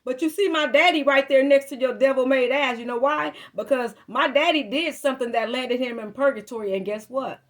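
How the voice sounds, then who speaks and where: High-voiced, blunt, swearing woman tarot reader. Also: brisk, few pauses. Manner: blunt, profane, fired-up. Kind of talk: casual live tarot reading. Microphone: phone.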